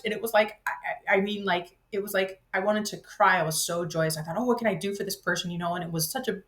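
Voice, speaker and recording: Woman, 50s, mid-pitch, chatty self-help vlogger, rambles and acts out each voice in her story. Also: fast talker, few pauses. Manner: animated, acts out her own voice and others' in the story. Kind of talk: personal storytelling.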